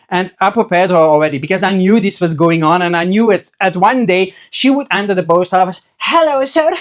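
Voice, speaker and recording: A man who sells trading cards, talking casually to his viewers in a chatty, storytelling way, often restarting his sentences. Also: high voice. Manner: chatty storyteller, acts out quoted voices, frequent restarts. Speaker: trading card seller and video host. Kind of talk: casual talk to camera.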